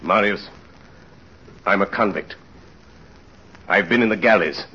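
An actor playing a tormented aging ex-convict father in an old-time radio drama, speaking in a somber, halting way. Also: sits low, bright, forceful tone, lo-fi sound, a little hiss or hum. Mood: grave.

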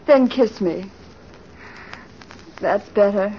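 An actress playing an affectionate young bride in an old-time radio drama, speaking in a sweet, coaxing way. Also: female voice, mid-range voice, drawn-out words, dull audio, a little hiss or hum. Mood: doting.

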